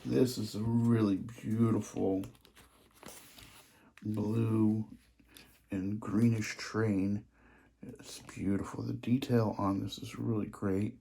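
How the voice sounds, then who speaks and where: A man showing off his model trains in a casual vlog, gushing with excitement and dropping into hushed asides. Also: lowish voice, takes it slowly, creaky, long pauses.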